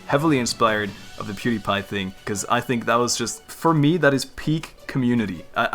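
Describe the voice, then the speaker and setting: A man's voice: fairly low pitch, fairly bright tone. A man from the Netherlands, a YouTuber answering viewer questions in a casual chat, laughing easily and poking fun at himself. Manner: chatty, laughs easily, self-deprecating.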